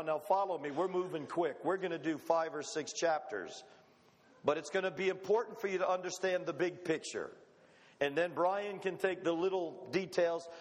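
Middle-aged male pastor, slightly high voice, homey conversational sermon, long hall reverb. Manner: folksy, conversational preaching with rhetorical questions.

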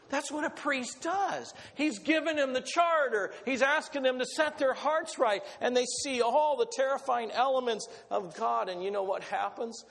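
High-voiced animated preacher in a reverberant hall. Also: male voice, unhurried, vocal fry. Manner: animated, self-correcting, asides to the congregation. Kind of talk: sermon with scripture reading.

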